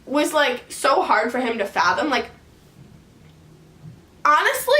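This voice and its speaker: Brief: high-voiced young woman, casual storytime vlogger, bright edge, recorded from across an echoey room. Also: a little hiss or hum. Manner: animated, frequent "like" fillers. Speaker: vlogger telling a personal story. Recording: echoey room, distant mic, faint ambience.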